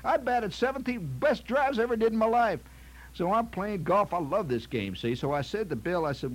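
A man's voice: sits high, expressive, moderate pace. A man telling a rambling comic story in a folksy manner, peppering it with "see?" and "you know".

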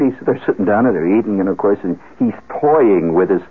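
A man telling a rambling comic story on the radio, animated and full of asides and restarts. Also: fairly low pitch, normal speed, husky. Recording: tinny phone-like old radio broadcast.

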